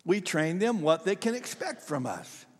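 An older man preaching a sermon in a conversational, animated storytelling way. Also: high-pitched, normal speed, big-room sound. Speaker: pastor.

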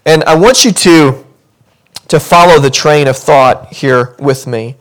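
A man preaching a sermon as pastor, talking conversationally and building to animated intensity. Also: on the high side, unhurried. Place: church sanctuary.

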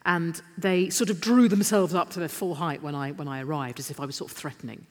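A middle-aged Englishwoman tells anecdotes on a festival stage, bouncing from one restart to the next and poking fun at herself. Her voice sits a little low for a woman. The sound carries the long reverb of a big hall. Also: a little fast. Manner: animated, self-deprecating anecdotes with restarts. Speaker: interview guest. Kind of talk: live on-stage storytelling.

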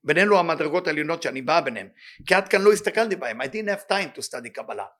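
Fast, excitable man teaching Torah. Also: fairly high pitch. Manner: reads Hebrew quickly, then translates in plain talk; animated, excitable delivery. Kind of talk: weekly Torah study class.

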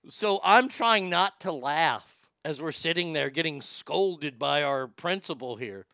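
A man telling stories in a casual livestream as a former radio host, animated, swearing freely and reading out viewer comments. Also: a little high, slow, pauses often, dry recording, studio quality.

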